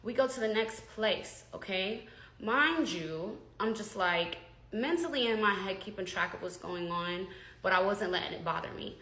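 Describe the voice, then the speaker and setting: Bright-voiced woman telling a story. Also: medium pitch, moderate pace, echoey room, low-quality recording. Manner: chatty, slangy, animated retelling. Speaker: vlogger. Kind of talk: casual storytime.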